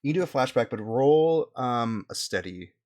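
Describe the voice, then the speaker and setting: With a medium-pitched, somewhat dark voice and lively intonation, a man acting as game master for a tabletop role-playing game describes the scenes in a stop-start way, using lots of fillers.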